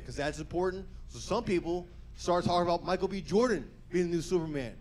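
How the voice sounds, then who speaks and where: A high-voiced male comedian does a live stand-up set with energy and plenty of profanity, briefly jumping into character voices. A little hiss or hum can be heard.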